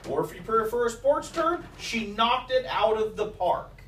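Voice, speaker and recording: A man's voice: sits high, animated, unhurried, fairly bright tone. A man preaching a sermon as the pastor, telling stories and quoting scripture along with old sayings of mothers. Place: church sanctuary. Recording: echoey church recorded from a distance.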